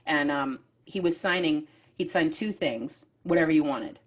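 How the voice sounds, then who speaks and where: Woman, low voice, from Maine, podcast host, casual rambling storyteller. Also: normal speed. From Maine, USA. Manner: animated storyteller, many fillers and restarts. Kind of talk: casual chat.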